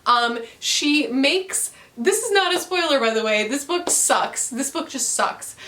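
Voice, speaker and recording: A woman's voice: high voice, animated, measured pace, pushed and bright, a little hiss or hum. A young woman in a casual book review chat, ranting with frequent swearing and laughter. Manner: profane, ranting, laughs often.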